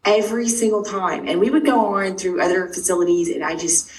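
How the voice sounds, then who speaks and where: A middle-aged woman, a guest, telling her own story quickly and emphatically, acting out the dialogue she quotes. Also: medium pitch, darkish tone. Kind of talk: animated personal storytelling. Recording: distant mic with faint noise.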